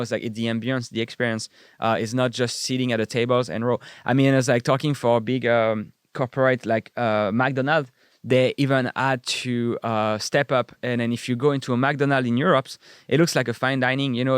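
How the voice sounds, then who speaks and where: A man's voice: medium pitch, level tone, a little fast, clear, resonant tone, no echo, clean studio sound. A man, a guest chatting casually and rambling with many fillers. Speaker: guest chef. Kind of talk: casual chat.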